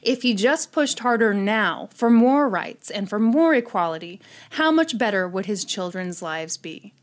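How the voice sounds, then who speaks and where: A woman's voice: medium pitch, lively intonation, measured pace. A woman hosting a chat show, telling a history story in a casual, irreverent way with frequent swearing and laughter.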